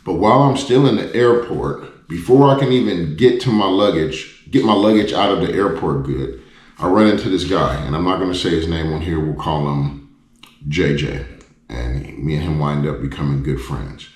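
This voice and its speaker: Deep-voiced man telling a travel story. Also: normal speed, roomy sound. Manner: animated, blunt, conversational. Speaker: travel vlogger. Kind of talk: casual storytelling to camera.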